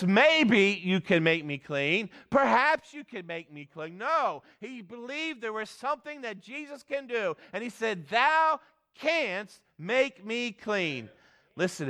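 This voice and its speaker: High-voiced, clear-toned preacher. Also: male voice. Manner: emphatic, swings between loud and soft. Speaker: pastor. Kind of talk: sermon. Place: church.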